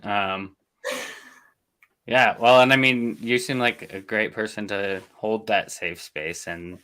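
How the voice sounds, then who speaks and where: Low bright-voiced man host. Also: steady tone, slow, clean tone. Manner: rambling questions with many fillers. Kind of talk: casual interview chat.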